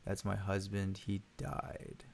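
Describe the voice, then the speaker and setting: A man voicing a tired grieving woman traveler in a horror game, with flat, hushed delivery. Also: low-pitched, slow pace, vocal fry, a little hiss or hum, exaggerated voice. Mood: weary. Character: weary grieving woman traveler carrying her dead husband.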